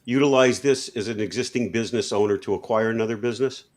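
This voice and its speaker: A man co-hosting a business talk show, thinking aloud with a rambling, halting manner. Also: fairly low pitch, a little mellow. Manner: thoughtful, rambling with fillers. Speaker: co-host. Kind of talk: casual video podcast talk.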